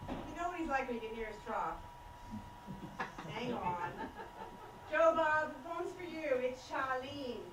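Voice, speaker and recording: An actress playing a chatty, sassy small-town diner waitress, in an amateur stage play. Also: female voice, sits high. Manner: sassy, fussing, teasing. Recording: echoey stage, heard from far off, noisy.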